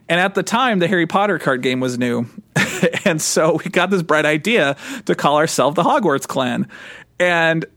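A man co-hosting a casual podcast, telling a story in a loose, rambling way. He restarts his sentences and laughs often. His voice sits a bit high and sounds dry and close to the mic. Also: lively intonation, moderate pace, fairly bright tone, no room sound. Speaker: podcast co-host.

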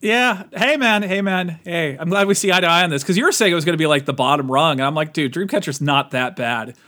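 A man co-hosting a podcast in casual movie-review chat, animated and jokey, quick to laugh. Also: high voice. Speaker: podcast co-host.

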